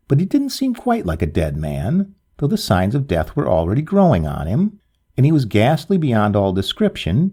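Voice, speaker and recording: A man reading a first-person tale aloud as narrator, with an expressive delivery that lifts suddenly. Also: medium pitch, breathy edge. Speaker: story narrator.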